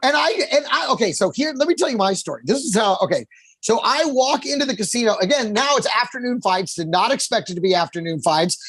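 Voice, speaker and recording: Brief: excitable male podcast co-host, huge pitch swings, a bit husky, swears freely. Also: fast. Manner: animated storyteller, swears freely. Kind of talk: casual sports banter.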